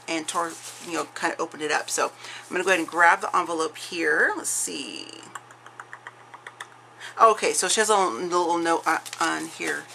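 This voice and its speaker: A woman's voice: lowish voice, gravelly, pushed and bright, slight background noise, rough recording. A woman chatting through a craft mail unboxing, gushing and restarting often, her speech a little slurred from facial numbness. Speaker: craft vlogger. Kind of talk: casual unboxing chat. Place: craft room at home.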